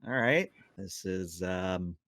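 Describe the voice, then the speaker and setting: A man's voice: deep voice, lively intonation, takes it slowly, gravelly, a bit bright, dry recording, exaggerated voice. A man voicing a dry, level-headed crew officer who speaks matter-of-factly.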